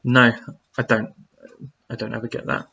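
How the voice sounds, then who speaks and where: A man's voice: mid-range voice, monotone, moderate pace, vocal fry, bright, forceful tone, husky, dull audio. A man who speaks, casually answering viewer questions on a live stream, rambling with lots of fillers as he reads the chat.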